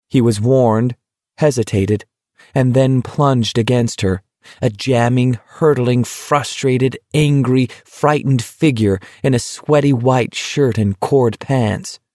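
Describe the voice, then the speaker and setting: A man narrates a novel as an audiobook reader, taking a measured, deliberate approach to the scripted text. His voice is medium in pitch with a darkish tone, captured in studio quality with no echo.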